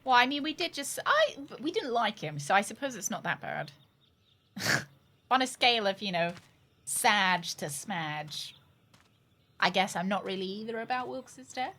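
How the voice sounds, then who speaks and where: A woman's voice: mid-range voice, sing-song, normal speed, pushed and bright. Playful woman streamer. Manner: playful, joking and giggly. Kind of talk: casual gameplay commentary.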